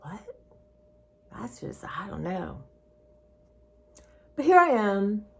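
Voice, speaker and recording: A woman's voice: medium pitch, very animated, takes it slowly, creaky. A woman in her sixties chatting casually to her viewers, rambling from one thought to the next and calling them y'all. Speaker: vlogger. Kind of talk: casual chat to camera.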